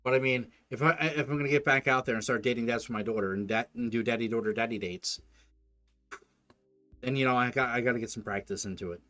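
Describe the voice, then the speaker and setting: A man's voice: mid-range voice, quick pace. A man playing through a dating game, reading its text aloud and swearing through sarcastic asides. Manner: crude, profane, sarcastic asides. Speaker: gamer. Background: soft game music.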